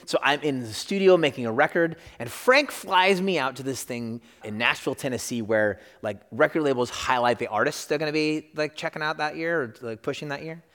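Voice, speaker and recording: A man's voice: a little high, brisk, hardly any pauses. A middle-aged man telling a story in a sermon at a church service, acting out the people he quotes. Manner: animated storyteller, acts out quotes. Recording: long reverb of a large hall.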